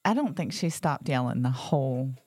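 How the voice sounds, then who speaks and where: A woman's voice: rumbling low, moderate pace, no room sound, clean studio sound. A woman co-hosting a casual chat, telling stories and acting out chants. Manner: animated, acts out chants and quotes. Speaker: podcast co-host.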